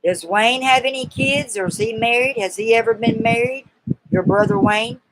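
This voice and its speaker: A woman's voice: on the high side, normal speed, low-quality recording. A woman with a Southern US accent chats through a casual live-stream Q&A. Her talk is folksy and chatty, and she teases and coaxes her viewers along. A faint hiss sits behind her voice. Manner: chatty, teasing and coaxing, folksy.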